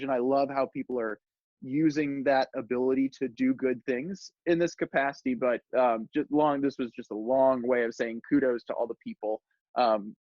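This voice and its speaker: A man's voice: mid-range voice, dry recording, dull audio. A man talking as a podcast guest over a video call, casual, joking and playful, with lots of fillers. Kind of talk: casual chat.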